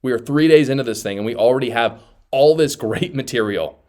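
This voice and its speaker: A man's voice: medium pitch, a little fast, a little mellow. A man hosting a political commentary show, blunt and mocking in his opinions.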